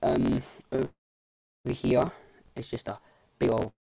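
A man's voice: medium pitch, slow pace, creaky, warm tone. A man chatting casually on a game livestream, rambling and restarting his sentences, with the odd casual swear word. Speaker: streamer.

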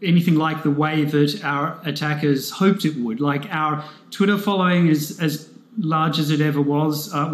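A man with a somewhat raised voice explains things steadily, pausing with ums as he thinks. He sounds like an interview guest with plenty of room echo around him. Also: a little high. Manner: measured, frequent ums and you-knows. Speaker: foundation spokesperson. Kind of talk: conversational interview answers. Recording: roomy echo.

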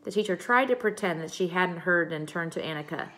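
A woman reading a children's storybook aloud in an expressive way. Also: on the low side, fairly quick, few pauses. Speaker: reader.

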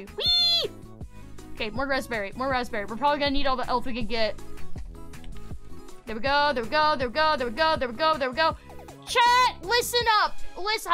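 A woman streaming a game, chatting casually with her viewers, excitable, repeating herself and swearing. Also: high voice. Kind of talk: casual gameplay commentary.

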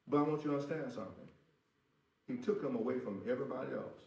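A man's voice: medium pitch, quick pace, darkish tone, muffled recording. A man preaching a sermon as pastor, emphatic, repeating his phrases and speaking straight to the congregation. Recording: roomy echo.

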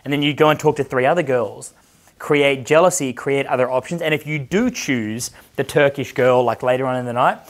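A brash male dating coach chats casually, swearing freely and laughing as he tells his stories. He slips into quick impressions of the people in them, with a voice pitched in the middle for a man. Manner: brash, profane, laughing, acts out quoted voices. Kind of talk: casual storytelling chat.

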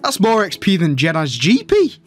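A man's voice: high voice, huge pitch swings, normal speed. A man co-hosting a quiz show, grilling contestants with mocking sarcasm. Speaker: co-host. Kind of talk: casual game-show banter.

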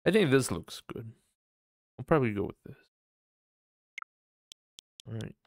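A man's voice: mid-range voice, expressive, a little slow, vocal fry, darkish tone, slight background noise. A man streaming a video game live, chatting and thinking aloud as he plays. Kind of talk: casual live-stream commentary.

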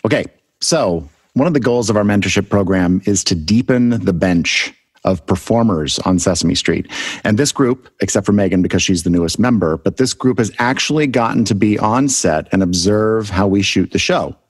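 Male host, lowish voice, easygoing and instructive. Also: normal speed, breathy edge. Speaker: podcast host and mentor. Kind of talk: casual group interview.

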